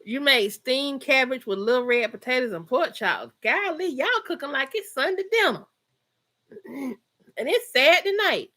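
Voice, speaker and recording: This livestream host is a middle-aged Southern woman from Georgia, chatting with her viewers from home and reading their comments live. Her voice sits high and sounds pushed and bright, expressive at a moderate pace. Talkative by nature, she laughs frequently and leans on Southern slang.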